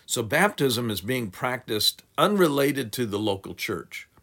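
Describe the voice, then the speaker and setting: A man's voice: mid-range voice, very animated, measured pace, fairly bright tone. A man giving a methodical teaching sermon, working through numbered points and reading scripture aloud. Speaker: Bible teacher.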